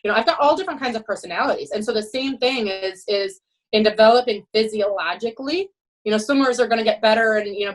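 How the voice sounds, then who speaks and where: Animated woman coach telling stories. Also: a little high, poor audio. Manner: animated, emphatic, frequent "you know" and "right". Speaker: head swim coach. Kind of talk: podcast interview storytelling.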